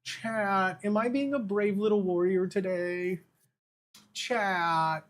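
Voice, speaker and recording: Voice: medium pitch, steady tone, slow pace. A live streamer in casual, playful chat with viewers, laughing often and eating candy while standing.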